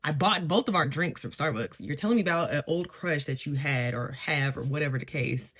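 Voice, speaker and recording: A woman's voice: low voice, a little fast, fairly bright tone, husky. A young woman, chatting casually while doing her makeup and telling a dating story, with laughing asides. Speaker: beauty vlogger.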